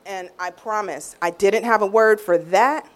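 A woman telling an emotional personal faith testimony. She acts out quotes in a raised voice and drops to a hush at tender moments. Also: medium pitch, unhurried. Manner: animated storytelling, acts out quotes in raised tones. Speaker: guest sharing a testimony.

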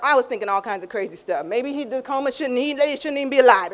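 A middle-aged woman sharing an emotional faith testimony in a casual, expressive way, often restarting phrases and acting out what others said. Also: quick pace. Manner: expressive, acts out quoted voices with big pitch swings; informal, repeats and restarts phrases. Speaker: guest sharing a personal testimony.

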